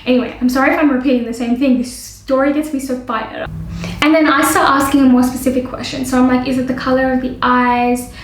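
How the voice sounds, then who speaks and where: A young woman vlogging as a makeup artist, telling a story in an animated way and acting out both sides with lots of "like". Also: high voice, fast talker, roomy sound, slight background noise, low-quality recording. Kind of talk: storytime vlog.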